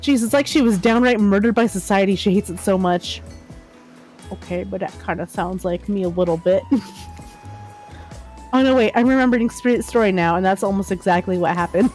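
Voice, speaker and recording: A woman's voice: medium pitch, fairly quick, darkish tone. A young woman streaming a game, joking and swearing casually as she comments. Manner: profane, joking, giggly. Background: music.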